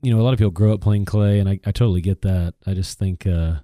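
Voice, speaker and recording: Deep, fast-talking man chiming in. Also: mellow, dry recording, clean studio sound. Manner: quick, agreeable, chiming in. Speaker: podcast co-host. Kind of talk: casual chat.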